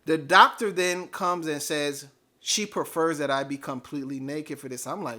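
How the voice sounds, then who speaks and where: A man telling a personal story casually, animated and full of fillers. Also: fairly high pitch, fairly quick. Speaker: vlogger.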